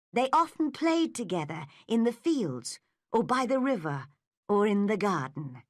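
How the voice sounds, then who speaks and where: A woman narrating a graded story for English learners, slow, clear and expressive. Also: on the low side, no room sound, studio quality. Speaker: audiobook narrator.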